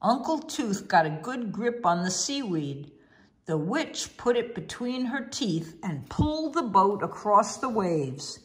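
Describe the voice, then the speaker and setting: A woman narrating a children's storybook with a clear, expressive delivery. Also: mid-range voice, unhurried.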